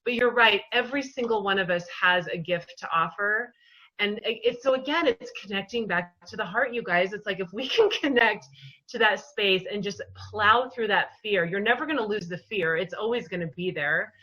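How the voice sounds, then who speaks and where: A woman yoga teacher chatting in an interview, telling personal stories in a lively, animated way and laughing often. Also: medium pitch, moderate pace, rough recording. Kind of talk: casual interview chat.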